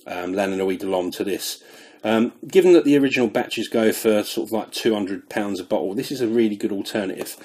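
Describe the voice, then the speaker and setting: A man's voice: fairly low pitch, a little mellow, slightly rough. A British man reviewing fragrances in a chatty, rambling way, a little out of breath. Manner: chatty, rambling, self-deprecating. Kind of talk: casual product review.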